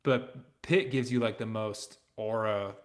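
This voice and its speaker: A man as a guest on a casual sports podcast, blunt and opinionated, often trailing off quietly at the ends of his points. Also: fairly low pitch, steady tone, measured pace.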